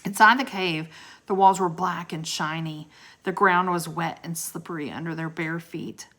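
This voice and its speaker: Low-voiced woman reading aloud. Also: normal speed. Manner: expressive, chatty asides to listeners. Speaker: storybook reader. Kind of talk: reading a children's book aloud.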